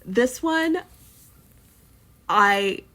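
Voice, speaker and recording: A woman's voice: a little high, expressive, extremely slow, sharp tone. A woman co-hosting a podcast in casual chat, rambling with many fillers and restarts. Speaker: podcast co-host.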